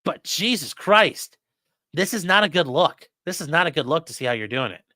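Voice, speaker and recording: Male stream host, blunt and crude commentary; bright, forceful voice with a wide, lively pitch. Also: normal speed, no room sound, studio quality. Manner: blunt, profane, mocking.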